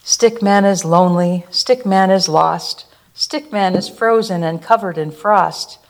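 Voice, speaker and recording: A woman reading a rhyming children's picture book aloud. Her delivery is rhythmic and lilting, and her voice sits a little low. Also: unhurried. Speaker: storyteller.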